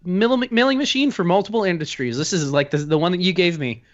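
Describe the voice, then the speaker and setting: A man's voice: high-pitched, fast, lo-fi sound. A man co-hosting a casual podcast, chatty and eager when describing machine tools. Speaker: podcast co-host.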